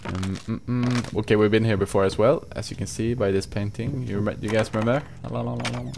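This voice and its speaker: A man's voice: on the low side, fairly even intonation, brisk, gravelly. A young man commentating a horror game, jumpy and swearing often as he talks to his viewers. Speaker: gaming YouTuber. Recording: noisy home recording.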